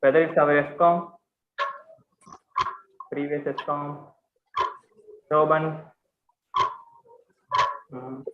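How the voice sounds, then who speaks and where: A man with a fairly high voice guesses answers in a good-humoured, halting way. His audio comes through a thin, phone-like call with a roomy echo. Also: little pitch movement. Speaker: meeting participant. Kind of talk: casual chat. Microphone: video call.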